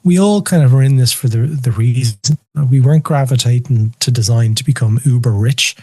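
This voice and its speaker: An Irish man talking as a podcast guest in a relaxed conversational way, telling animated anecdotes and acting out the voices of the people in them. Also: medium pitch, fairly quick, husky, no room sound. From Ireland. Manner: animated storyteller, acts out quoted voices. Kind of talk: casual chat.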